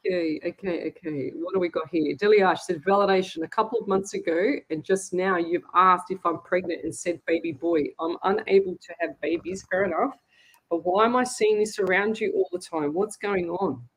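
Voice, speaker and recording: A woman's voice: on the low side, moderate pace, breathy edge. Chatty Australian woman psychic hosting live. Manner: chatty and frank, talks to viewers as "guys". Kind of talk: casual live-stream chat.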